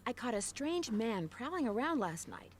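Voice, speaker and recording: A woman's voice: on the high side, sing-song, normal speed, crowd noise. An actress voicing a curious, polite young woman detective in a video game, asking question after question. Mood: inquisitive.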